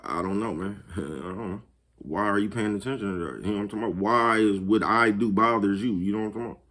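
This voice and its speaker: Speaking quickly in a lowish, fairly bright voice, this man runs his own vlog. His motivational talk is casual and profane, broken up by frequent chuckles and repeated checks on whether you're following him.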